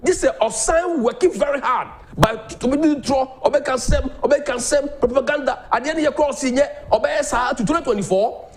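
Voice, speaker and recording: A Ghanaian man hosting a political talk show, delivering animated commentary that mixes Twi and English. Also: very high voice, fairly quick, few pauses. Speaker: host.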